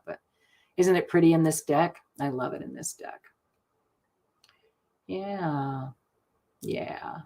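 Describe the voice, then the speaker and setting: Woman, middle-aged, card reader, chatty, gushing, lower-pitched voice. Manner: gushing and chatty, laughs often. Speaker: card reader hosting a live stream. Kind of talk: casual live card reading.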